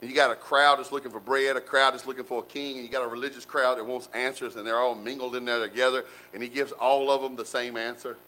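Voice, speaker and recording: A man preaching a sermon in a folksy, animated way, with colloquial asides to the congregation. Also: medium pitch, fast, hardly any pauses, rough recording. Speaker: pastor.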